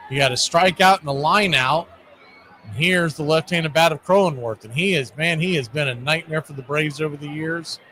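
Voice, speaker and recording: A man hosting a fan stream, calling baseball play-by-play in a radio style and shouting big plays with playful catchphrases. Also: fairly high pitch, a little hiss or hum. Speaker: play-by-play announcer.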